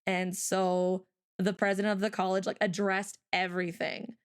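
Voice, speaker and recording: A woman streamer and host tells a story on her livestream in a medium-pitched, clear, resonant voice, flat in delivery and at normal speed. She's chatty, packed with "like" and "um," often speeding up and acting out what she said back then.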